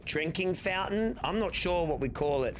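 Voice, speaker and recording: A man's voice: sits high, normal speed. A young Australian man chatting casually to his stream chat, rambling and swearing freely. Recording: steady background noise.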